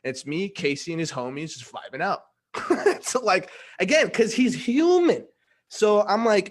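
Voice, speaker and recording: Slangy, animated young man. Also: sits high, moderate pace. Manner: slangy, animated, acts out quoted dialogue. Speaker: guest giving a testimonial. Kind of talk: casual storytelling in a conversation.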